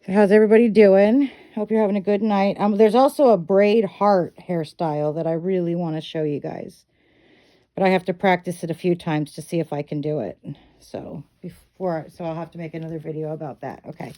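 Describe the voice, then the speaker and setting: Hiccuping as she goes, a middle-aged woman walks viewers step by step through styling a reborn doll's hair. Her voice is lowish and mellow, her manner chatty and instructive, and she keeps checking in with "okay."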